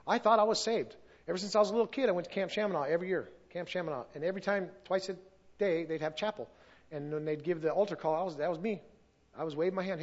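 A middle-aged man tells his own story to a church congregation, earnest and openly emotional. His voice sits a little high for a man. The recording is dull and lo-fi. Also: fast talker. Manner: earnest and emotional, sometimes loses his place. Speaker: church testimony speaker. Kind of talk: personal testimony at a church service.

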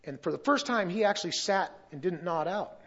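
A pastor telling his story from the pulpit, his voice sitting a little high. He slips into the voices of the people he quotes as he goes. The recording is muffled and lo-fi. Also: lively intonation, brisk, fairly bright tone, breathy edge. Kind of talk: testimony sermon.

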